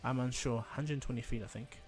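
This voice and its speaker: A man narrating a fan-fiction story in a loose, rambling way, full of fillers and "and he goes". His pitch sits in the middle range, and faint music plays behind him. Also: fairly even intonation, fairly quick, a little mellow. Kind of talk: casual fan-fiction retelling.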